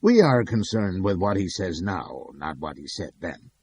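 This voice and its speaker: A man voicing a formal, measured male defense counsel objecting in court, with a husky voice. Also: sits low, very animated, a little mellow, slight background noise, heavily acted. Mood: formal protest.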